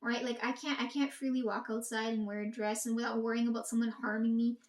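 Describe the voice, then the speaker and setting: A woman's voice: a little high, little pitch movement, fast, echoey room. A young woman rambling to her audience in a casual monologue, swearing often and talking emphatically.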